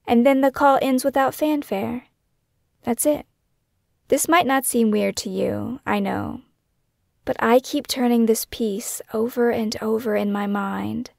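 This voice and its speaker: Gravelly woman narrating true crime. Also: on the high side, a little mellow, no room sound, studio quality. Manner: measured, questioning, somber. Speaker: podcast host and narrator.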